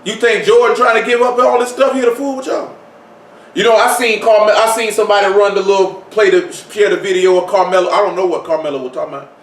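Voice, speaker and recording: Here a man delivers a casual sermon in a high-sitting, steady voice at a fast clip, full of rhetorical questions and phrases he keeps repeating. The recording sounds distant, captured in an echoey room.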